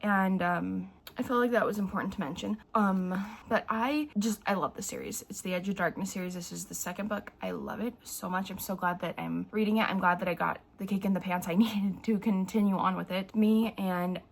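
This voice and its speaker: Young woman book vlogger, casual and rambling, teary, with a gravelly, husky voice. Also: mid-range voice, steady tone, brisk. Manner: emotional, tearful, rambling with many fillers. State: teary from crying. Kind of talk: casual vlog chat.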